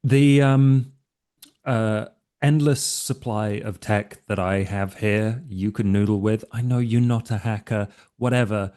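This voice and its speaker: A man with a fairly low voice plays his character in a tabletop game. He talks in an easygoing, offhand way and sounds persuasive without pushing hard. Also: fairly even intonation, measured pace, mellow. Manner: laid-back, offhand, persuasive. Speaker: player.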